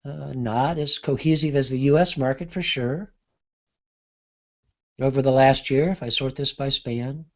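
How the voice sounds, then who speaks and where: A man giving an unscripted software demonstration, thinking aloud with frequent pauses and fillers. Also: medium pitch, highs cut off. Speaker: market analyst demonstrating software. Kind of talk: unscripted screen-share demo.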